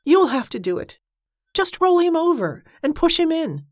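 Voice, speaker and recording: Ruthless widow, high piping treble, coolly playing helpless; a woman reader puts her on, dry close read. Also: big pitch swings, normal speed, no room sound. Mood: feigned faintness. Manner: coolly matter-of-fact, falsely helpless.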